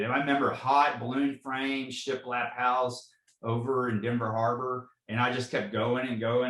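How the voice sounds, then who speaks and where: With a mid-range, fairly bright voice, a forties-aged fire captain earnestly recounts personal experiences on a podcast. The room sounds roomy and the audio is poor. He says "you know" often and goes over the same points repeatedly.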